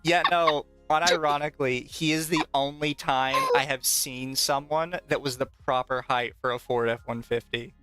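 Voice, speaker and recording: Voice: mid-range voice, fairly even intonation, moderate pace, few pauses, bright, forceful tone, smooth, soft background music. A podcast host chatting casually with a livestream audience, rambling through stories with plenty of laughter and casual swearing.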